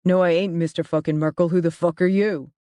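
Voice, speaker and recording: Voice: mid-range voice, steady tone, brisk, mellow, no echo, studio quality, natural voice. A narrator putting on a swearing thug. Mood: defiant. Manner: defiant, swearing. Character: loud foul-mouthed thug man, bald.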